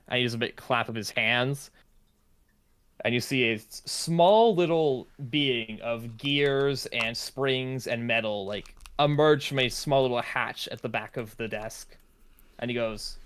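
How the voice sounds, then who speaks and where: A man narrates a tabletop fantasy game as game master. He talks casually and loosely, with plenty of fillers, at a middle pitch. His tone stays plain and everyday. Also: a little slow, fairly bright tone, clear, resonant tone.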